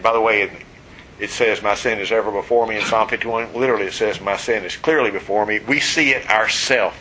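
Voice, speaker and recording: Male pastor, sermon, conversational, teasing, clear bright tone, faint background noise. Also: fairly low pitch, brisk, poor audio. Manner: conversational, teasing, animated storytelling; asks the congregation questions.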